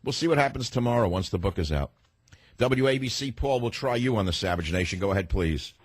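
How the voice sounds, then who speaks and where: A man's voice: lowish voice, expressive, fairly quick. A man hosting a talk radio show, delivering a combative, emphatic monologue and cutting off callers from his studio.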